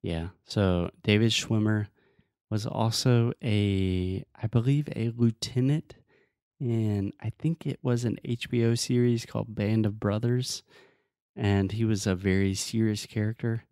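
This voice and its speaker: A man's voice: on the low side, steady tone, unhurried, a little mellow, clear, resonant tone, dry recording, clean studio sound. A man co-hosting a podcast as an English teacher, patiently explaining words and drilling pronunciation in casual chat.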